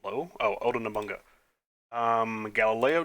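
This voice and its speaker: Bright-voiced man muttering through a quiz. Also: mid-range voice, expressive, unhurried. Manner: mutters answers aloud, flustered outbursts, self-mocking. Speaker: gaming YouTuber. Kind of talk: quiz playthrough commentary.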